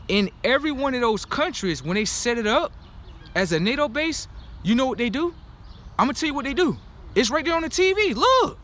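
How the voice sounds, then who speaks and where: A man's voice: sits high, a bit bright. A man in a casual monologue rant, insistent, repeatedly saying look and pay attention.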